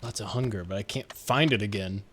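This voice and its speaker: A man's voice: lowish voice, a little fast, fairly bright tone, a little hiss or hum. A man in his twenties chatting casually and joking with viewers while he plays a game live. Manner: rambling, jokey, talks to chat while playing. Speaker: streamer.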